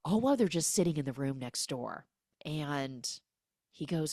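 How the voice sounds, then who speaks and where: Young adult woman, podcast host, comedic film recap; lowish, very lively voice, dry close recording. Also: dry recording. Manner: animated, acts out characters' lines in quick exaggerated voices.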